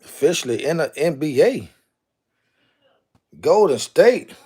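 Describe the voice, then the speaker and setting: Sorting through jerseys on a livestream, a man drawls and exclaims to himself in casual chatter. His voice is on the high side, sing-song, warm and husky, with a slow pace and frequent pauses.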